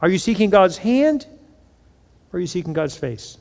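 A man preaching a sermon as pastor, swinging from loud to hushed and acting out quoted voices. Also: high-pitched, big pitch swings, normal speed. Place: church auditorium. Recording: long reverb in a large hall.

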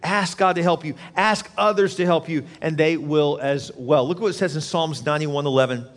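A man's voice: on the high side, brisk, long reverb tail. A male pastor preaching a sermon in an earnest, repetitive way, acting out quotes as he goes.

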